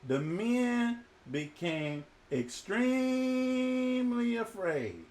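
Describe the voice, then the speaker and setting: Man preaching, humorous and colloquial, high voice, very lively pitch, slow pace. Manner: humorous, colloquial, animated storytelling. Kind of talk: sermon.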